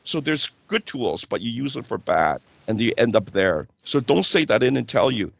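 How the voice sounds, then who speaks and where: Gravelly guy preaching on a talk show, voice jumps all over, kinda dull lo-fi sound. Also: medium pitch, very animated, normal speed, a bit bright, dry recording. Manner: preachy, repeats "right?" and "okay?". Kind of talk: casual spiritual talk.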